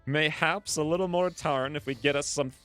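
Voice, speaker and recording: A man's voice: a little high, normal speed, fairly bright tone, clean tone, faint music behind, close to an everyday voice. A man voicing a drunk bearded village stooge in a boisterous, slurred rustic drawl while reading a game event aloud. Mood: indignant. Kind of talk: let's play character reading.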